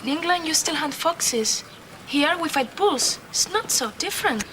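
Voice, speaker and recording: A calm, firm Spanish woman. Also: high-pitched, moderate pace. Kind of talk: 1990s TV soap acting. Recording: old TV clip with noise.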